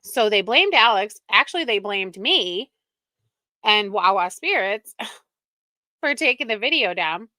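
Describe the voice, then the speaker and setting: A woman's voice: medium pitch, lively intonation, slow pace, pauses often, sharp tone, no room sound. A woman hosting a live stream, chatting casually and with exasperation, laughing often, close to the microphone. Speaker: livestream reaction host.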